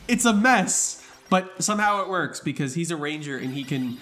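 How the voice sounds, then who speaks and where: A man casually telling a funny tabletop game story to friends, animated and laughing, acting out shouted lines. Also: on the high side, normal speed.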